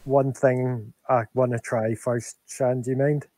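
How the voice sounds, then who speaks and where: A man playing in a tabletop game, chatting casually in a quick, matter-of-fact way. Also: mid-range voice, level tone, warm tone, dry recording. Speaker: player.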